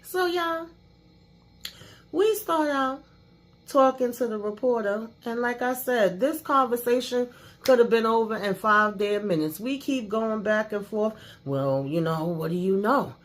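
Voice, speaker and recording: Woman, casual recap host, sassy, profane, ranting, fairly high voice. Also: a little slow. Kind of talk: casual TV episode review.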